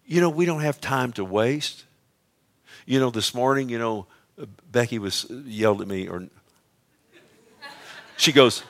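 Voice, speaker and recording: A man's voice: medium pitch, a little slow, long pauses. A middle-aged male pastor preaching a sermon, emphatic and often asking his listeners questions. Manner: emphatic, asks the congregation questions.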